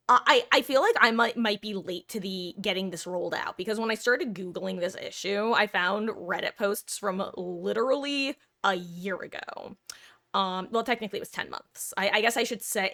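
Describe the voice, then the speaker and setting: A woman's voice: mid-range voice, fairly bright tone. A woman streamer chatting casually with her viewers, rambling and correcting herself as she goes.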